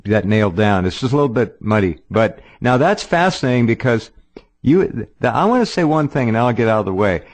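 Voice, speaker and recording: A man's voice: mid-range voice, sing-song, a little fast. A man hosting a talk radio show who reacts in an emphatic, enthusiastic way. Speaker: radio host.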